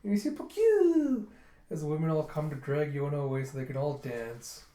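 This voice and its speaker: A man chats through a manga read-through, laughing often and lively in his delivery. His voice sits a little high. The recording has a noticeable roomy echo. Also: fast. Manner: animated, laughing, switching into character voices. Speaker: manga reviewer.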